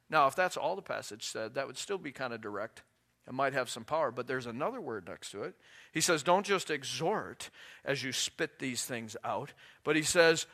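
A man's voice: high voice, animated, moderate pace, bright, forceful tone. A man giving a sermon as a guest pastor in a church, conversational and joking, then emphatic.

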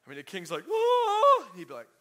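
Animated male preacher, chatty sermon delivery; bright, fairly high voice. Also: racing. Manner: animated, conversational, rhetorical questions.

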